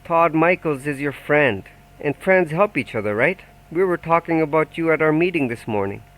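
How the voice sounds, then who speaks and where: A man's voice: mid-range voice, moderate pace, natural voice, low-quality recording. A man doing a taunting gangland enforcer. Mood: menacing. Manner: taunting, mock-friendly threats. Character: menacing male gangland debt collector. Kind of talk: audiobook character voice.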